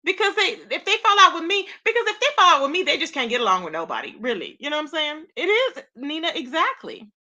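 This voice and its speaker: A sassy woman streamer with a high, bright voice, chatting live and calling out to her viewers by name. She talks with animated, drawn-out emphasis. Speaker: livestream host. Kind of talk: casual live-stream commentary.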